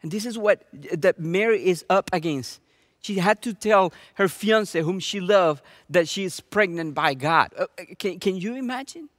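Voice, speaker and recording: A man's voice: high voice, expressive, moderate pace, a bit bright, no echo, clean studio sound. A man preaching a sermon with earnest energy and lots of rhetorical questions. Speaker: pastor.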